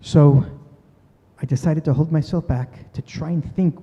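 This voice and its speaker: A man's voice: a little high, steady tone, unhurried, mellow, husky. Earnest older man telling a story in a hall. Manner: earnest, voices quoted people. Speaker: speaker giving a talk. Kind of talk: storytelling talk. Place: synagogue hall. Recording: dull recording in a reverberant hall.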